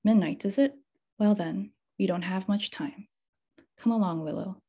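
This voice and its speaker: A woman voicing a kind, gentle female moon in a children's storybook, speaking softly and slowly. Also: medium pitch, breathy edge.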